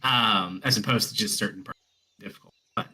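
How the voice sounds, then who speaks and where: A man narrates a tabletop role-playing game as its dungeon master, with a bright, forceful tone. He rambles loosely from one point to the next and fills the gaps with little hesitations. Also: fairly low pitch, a little fast, slightly rough.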